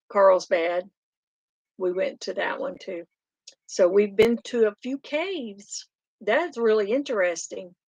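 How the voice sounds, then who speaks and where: A woman's voice: medium pitch, darkish tone, no room sound. An older woman, hosting a casual live stream chat, reading out comments and rambling through stories. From Oklahoma. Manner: chatty, rambling, laughs often.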